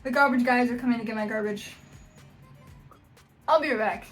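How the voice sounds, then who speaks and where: A woman hosting a casual reaction vlog, jokey, animated and self-deprecating. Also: a little high, normal speed, soft background music. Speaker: video host.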